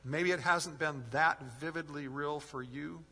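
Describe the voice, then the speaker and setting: A man's voice: a little high, fairly even intonation, measured pace, pushed and bright. A male pastor preaching a sermon, earnest and rising in force as he retells a story. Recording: long hall reverb.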